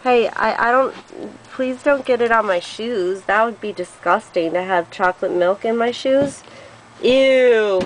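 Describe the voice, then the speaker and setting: A woman's voice: a little high, unhurried, slight background noise, poor audio. A woman filming a home video and chatting with a small child, playful and full of exaggerated reactions. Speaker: parent filming a toddler.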